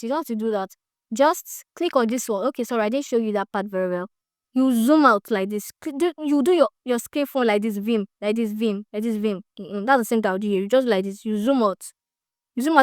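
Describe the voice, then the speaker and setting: A woman gives a chatty, excitable step-by-step tutorial, repeating phrases as she goes, recorded on a phone on a tripod. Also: on the high side, dry recording, studio quality. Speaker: social media tutor.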